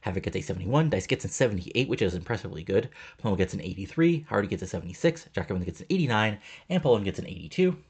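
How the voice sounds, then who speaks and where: Brief: casual let's-player, husky voice, loose and chatty. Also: male voice, lowish voice, lively intonation, very fast, a little mellow. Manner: rambling, loose, many fillers like you know and um. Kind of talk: casual commentary over a wrestling booking sim.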